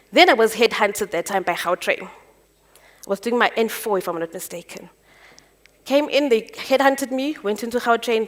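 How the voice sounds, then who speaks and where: South African woman, storytelling speaker, lively, voice on the high side, jumps into voices for dialogue. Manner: animated, acts out dialogue with quick voice jumps. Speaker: entrepreneur speaker. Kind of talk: personal storytelling talk.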